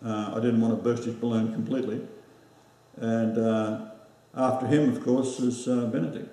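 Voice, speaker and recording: Australian male host, mellow voice, rambling with lots of fillers, set back from the mic in a very echoey room. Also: mid-range voice, flat delivery, distant mic. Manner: rambling, halting with many fillers. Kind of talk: casual chat.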